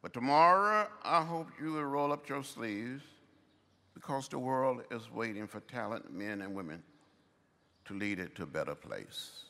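A man in his seventies giving a commencement address in slow, emphatic, measured phrases. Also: medium pitch, expressive, gravelly, sharp tone. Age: 70s. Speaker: commencement speaker. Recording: long hall reverb.

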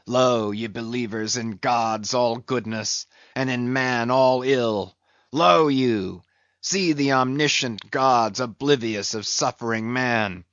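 A man's voice: mid-range voice, a bit bright, no room sound. A man playing a brooding grandiose old sea captain. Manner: solemn archaic declaiming, sudden barked orders. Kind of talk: radio play acting. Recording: dull, dry lo-fi recording.

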